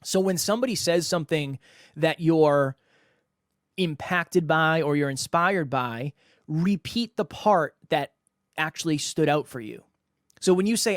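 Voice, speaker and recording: A man's voice: fairly high pitch, unhurried, dry recording, studio quality. A man hosting a solo podcast, coaching listeners in an emphatic way that repeats key phrases and acts out example lines. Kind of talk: solo instructional podcast talk.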